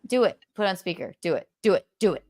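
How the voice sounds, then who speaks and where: A woman's voice: lowish voice, big pitch swings, quick pace, darkish tone, soft background music. A woman with a New York accent hosting a casual livestream chat, teasing and rambling with fillers, a bit under the weather. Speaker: podcast host.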